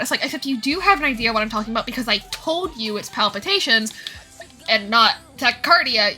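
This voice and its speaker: A woman's voice: on the high side, animated, a little fast, sharp tone, soft background music. A woman in her twenties streaming, telling stories in a casual chat, acting out the people she quotes and sounding out of breath. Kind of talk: casual chat while gaming.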